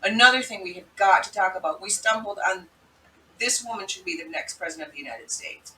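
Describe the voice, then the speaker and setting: A woman hosting a vlog, telling a story in a chatty, animated way. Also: medium pitch, a little fast, a little hiss or hum. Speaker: vlog host. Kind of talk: casual commentary. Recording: echoey room, mic at a distance.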